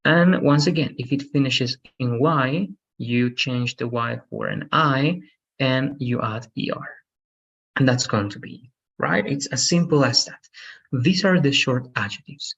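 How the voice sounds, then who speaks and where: A man with a husky voice, heard as dull, lo-fi call audio, teaches an English grammar lesson. He is patient and repeats each rule, checking in with "right?". His pitch sits mid-range. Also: unhurried, fairly bright tone.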